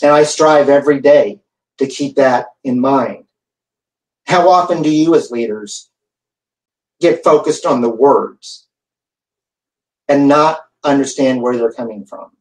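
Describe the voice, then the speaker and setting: A man giving a keynote speech as an animated storyteller who acts out the dialogue in his stories. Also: mid-range voice, a little slow, pauses often. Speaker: keynote speaker. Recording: echoey hall, voice from far off.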